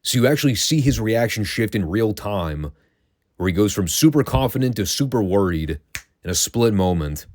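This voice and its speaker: A man's voice: on the low side, animated, moderate pace, no echo. A man hosting a classic wrestling review show, recapping matches in a wry, sarcastic, casual tone and swearing freely.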